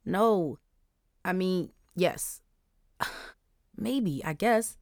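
Woman reading a nervous, halting teenage boy. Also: fairly low pitch, animated, no room sound, clean studio sound, heavily acted. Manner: halting, hushed and unsure.

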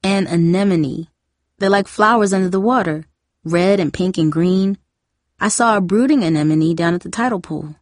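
A woman's voice: on the low side, normal speed, no echo, clean studio sound, natural voice. A woman voicing an earnest, studious teenage girl in a storybook reading. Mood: explaining.

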